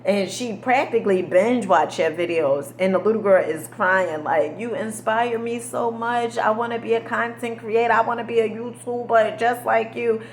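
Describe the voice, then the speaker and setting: A woman telling a story in a lively vlog, sassy and emphatic, calling the listener "honey" and "girl.". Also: on the high side, normal speed, hardly any pauses. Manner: sassy, emphatic, says "honey" and "girl" often, dialect grammar. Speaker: motivational vlogger. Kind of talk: animated storytelling monologue. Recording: echoey room with faint ambient noise.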